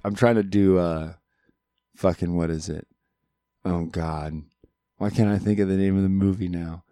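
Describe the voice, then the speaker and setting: A man's voice: low voice, steady tone, moderate pace, mellow, no room sound, clean studio sound. A man in his thirties co-hosting a podcast, chatting loosely with lots of swearing and rambling. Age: 30s. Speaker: podcast co-host. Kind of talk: casual chat.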